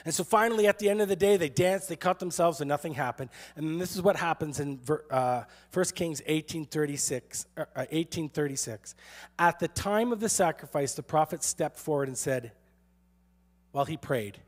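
A man's voice: a little high, moderate pace. A man who is a pastor, giving a sermon in a playful, sarcastic storytelling manner and acting out quotes.

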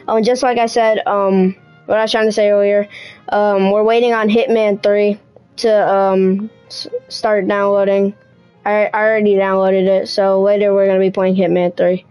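A woman's voice: mid-range voice, level tone, normal speed, warm tone, smooth, low-quality recording. A woman streamer chatting casually through her gameplay, scattered and full of asides.

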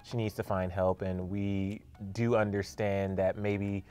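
A young adult man co-hosting a casual celebrity news show, relaxed and conversational, chiming in with quick agreement. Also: lowish voice, clear, resonant tone, faint music behind. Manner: relaxed, conversational, frequent "yeah" and "mm-hmm". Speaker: entertainment news co-host.

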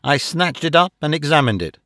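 Measured dramatic male audiobook narrator. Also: a little high, sing-song, fairly bright tone, no echo, studio quality. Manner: measured, dramatic first-person reading. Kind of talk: scripted narration.

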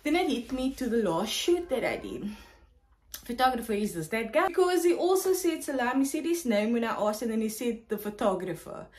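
A woman's voice: on the high side, a little fast, low-quality recording. Chatty woman vlogger telling a story. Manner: animated, chatty storytelling full of "like". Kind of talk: casual story time.

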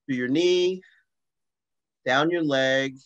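A man leading a slow, soothing guided grounding meditation as the facilitator of a video-call assembly. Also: medium pitch, clear, resonant tone, highs cut off. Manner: slow, soothing guidance with bursts of excitement.

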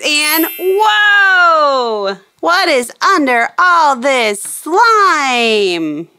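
A woman presenting a playful toy demonstration for children in an excited, sing-song way, with playful roars. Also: sits high, drawn-out words, hardly any pauses, soft background music. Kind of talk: playful toy demo for kids.

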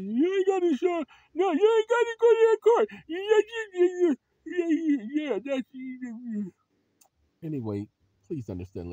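A man hosting his own channel, giving emphatic vlog commentary and firing rhetorical questions at viewers he calls ladies and gentlemen. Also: medium pitch, slightly rough. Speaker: channel host.

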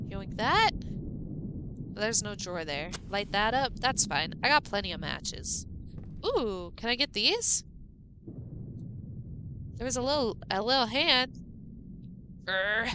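A woman's voice: medium pitch, lively intonation, unhurried, long pauses, noisy background. A woman streaming a horror game live, chatting playfully with her viewers and sounding jittery. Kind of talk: live gameplay commentary.

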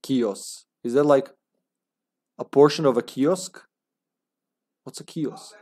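Male game streamer, mid-pitched, casual, playful accent-switching. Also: slow pace, warm tone. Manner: joking, swearing, slipping into put-on accents. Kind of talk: casual gameplay commentary.

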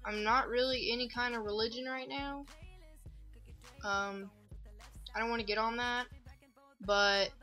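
A young woman chatters through a casual show-and-tell vlog in a bright, slightly high voice, taking her time between words. She rambles from one thing to the next with goofy asides, swearing, and lots of fillers. Soft music plays faintly behind her. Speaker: vlogger.

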